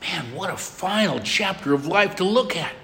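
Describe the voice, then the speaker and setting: Middle-aged male pastor, high-pitched, repetitive emphatic sermon delivery. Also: expressive, moderate pace. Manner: emphatic repetition, soft drops for emotional moments. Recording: long hall reverb.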